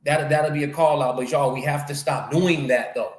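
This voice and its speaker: A man with a fairly high voice hosts a loose, animated chat, leaning on slang and circling back on his own phrases. The room has a clear echo around him. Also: normal speed. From North America. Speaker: podcast host. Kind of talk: casual conversation. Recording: echoey room.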